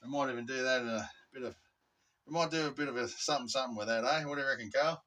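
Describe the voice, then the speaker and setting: A man's voice: mid-range voice, very fast, sharp tone. Laid-back Australian man, distant outdoor mic. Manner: laid-back, chatty, slangy. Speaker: channel host. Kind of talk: casual outdoor vlog. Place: outdoors at home garden. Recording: distant mic with clear background noise.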